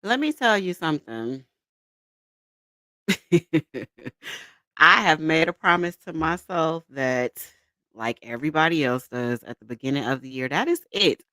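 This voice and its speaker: Animated woman hosting a livestream chat. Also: low-pitched, a little slow, long pauses, no room sound. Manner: animated, greets chat by name, laughs often. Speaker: livestream host. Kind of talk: casual livestream chat with viewers.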